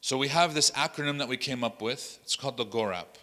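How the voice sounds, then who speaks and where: A man's voice: medium pitch, fairly quick, pushed and bright, long reverb tail. A man, an imam, leading a workshop, who tells stories animatedly, acts out what others said, and mixes Arabic phrases into his talk. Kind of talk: workshop teaching with told stories. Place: hall of an Islamic center.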